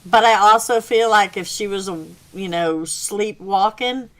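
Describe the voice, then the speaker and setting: A woman's voice: medium pitch, measured pace, a bit bright, slight background noise, rough recording. A woman hosting a gaming channel, rambling through a casual story while she plays and laughing often. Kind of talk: casual chat while playing.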